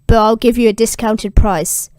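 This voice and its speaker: A woman's voice: a little high, fairly even intonation, moderate pace, a little mellow, clear, resonant tone, no room sound, lightly acted. A woman voicing a male sea god who casually haggles over a deal. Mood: bargaining.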